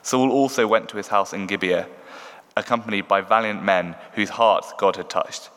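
A man giving a measured Bible reading in a church. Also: lowish voice, fairly bright tone. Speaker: scripture reader. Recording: echoey church hall.

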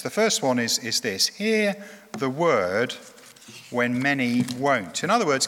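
A man's voice: medium pitch, pushed and bright. A man preaching a sermon in an earnest, emphatic way, now and then restarting a phrase. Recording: echoey hall with long reverb.

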